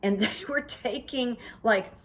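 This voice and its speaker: A woman's voice: fairly high pitch, slow. A woman hosting her own vlog, telling everyday anecdotes in a chatty, casual way and acting out what people said. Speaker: vlog host. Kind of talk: casual storytelling monologue.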